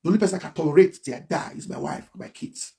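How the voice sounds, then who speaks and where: Fast, high-voiced Nigerian man ranting. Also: gravelly, warm tone. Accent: Nigerian Pidgin English. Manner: emphatic, repetitive, heated. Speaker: blogger. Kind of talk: livestream rant.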